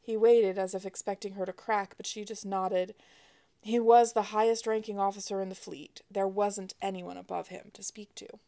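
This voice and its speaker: Author-narrator, woman, wry expressive audiobook reading. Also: mid-range voice, normal speed.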